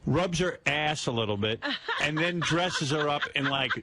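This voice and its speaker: A man's voice: fairly high pitch, normal speed, sharp tone. A male radio host in a studio, telling a crude, rambling story and often breaking into laughter.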